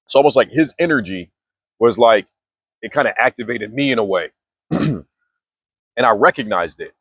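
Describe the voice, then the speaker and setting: Here the young man, a mindfulness vlogger, recounts a story at normal speed, his medium-pitched voice expressive, a bit bright and edged with breathiness. The talk is slangy and laid-back with many restarts and fillers, on a dry recording.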